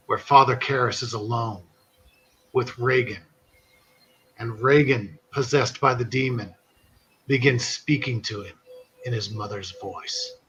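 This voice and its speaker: Husky man telling a slow story. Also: medium pitch, muffled recording. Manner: animated anecdote teller, laughing through his story. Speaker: podcast host. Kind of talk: casual storytelling.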